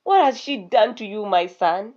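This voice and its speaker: A woman's voice: medium pitch, lively intonation, moderate pace, darkish tone, close to an everyday voice. A woman voicing a haughty queen who scolds her son in disbelief. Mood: scolding. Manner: reproachful, incredulous. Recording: dull lo-fi recording.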